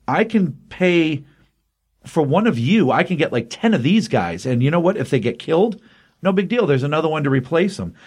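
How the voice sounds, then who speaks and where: A man's voice: fairly high pitch, expressive, moderate pace, darkish tone, slightly rough, pitched above the performer's own voice. A man doing a heartless stone-age boss, blunt, dismissive, comic-book retelling. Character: ruthless caveman boss, middle-aged man, cold-hearted.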